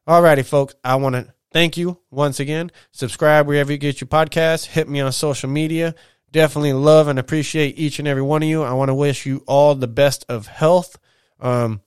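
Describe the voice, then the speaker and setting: A man with a smooth, resonant voice rambles through a casual solo podcast. He is loose and profane and tells stories with plenty of slang. The sound is dry and close to the mic, with no room around it. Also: mid-range voice, no room sound. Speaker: podcast host.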